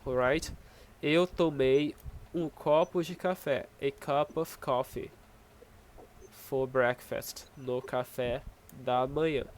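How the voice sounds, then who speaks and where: Man, Brazilian accent, language teacher, unhurried, patient, frequent check-ins. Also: medium pitch, fairly even intonation, a little hiss or hum, rough recording. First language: Portuguese. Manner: slow, patient explaining with frequent "okay?" checks. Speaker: Portuguese teacher. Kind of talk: online language lesson.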